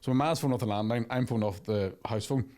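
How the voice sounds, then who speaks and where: A man's voice: medium pitch, fast. A man hosting a podcast, telling a story in casual, profane chat and acting out the voices of the people in it. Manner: profane, animated storytelling with acted quotes. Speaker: podcast host.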